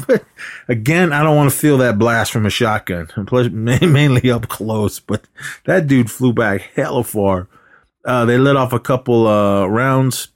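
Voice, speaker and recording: Low-voiced man casually recapping a film. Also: no echo, studio quality. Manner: rambling retelling with filler words and quoted lines. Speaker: podcast co-host.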